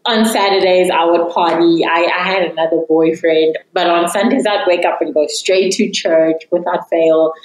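A young woman earnestly telling her personal faith testimony as an interview guest. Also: on the low side. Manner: earnest, reflective storytelling. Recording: echoey room.

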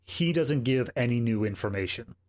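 A man co-hosting a film podcast who talks in a measured way, bringing in background facts and gentle counterpoints. His voice sits at an ordinary middle pitch. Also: expressive. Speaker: podcast co-host. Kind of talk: casual film review chat.

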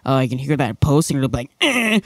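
A man's voice: mid-range voice, fairly even intonation, racing, a little mellow, no echo, studio quality. A young man co-hosting a casual podcast, rambling with lots of fillers into a microphone. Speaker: podcast co-host. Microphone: studio microphone.

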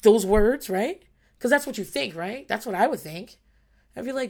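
A woman talking about parenting in a frank, animated way, swearing freely and acting out her kids' and her own voices. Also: medium pitch, moderate pace, vocal fry. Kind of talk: casual talk to camera about parenting.

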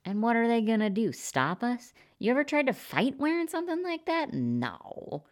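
A woman puts on a swaggering, foul-mouthed prepper man in a story reading. His voice sits a bit higher than her own low tone and rises and falls in lively jumps. He drives every plan hard, crude and cocky. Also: normal speed. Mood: scheming. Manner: crude, fired-up rallying talk. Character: swaggering right-wing prepper man, Blake.

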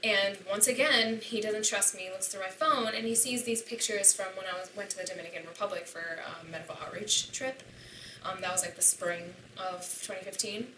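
This young woman's medium-pitched voice is bright and forceful, a little fast, with slight hiss or hum in a roomy, distant recording. Appearing on a podcast, she shares a painful personal story with candid emotion, her speech filled with "like".

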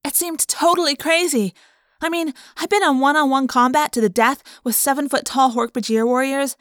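A woman reading a first-person audiobook in a lively, breathless storytelling manner. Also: sits high, no echo, studio quality. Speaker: audiobook narrator.

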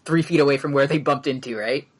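A man's voice: medium pitch, fast talker, breathy edge. Casual man running a tabletop game. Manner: casual, hesitant with many fillers. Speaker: game master.

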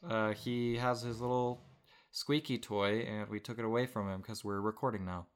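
A man hosting a podcast in casual chat, wry and relaxed, often pausing to hedge his words. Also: lowish voice, smooth. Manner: relaxed, wry, hesitant with fillers. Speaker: podcast host.

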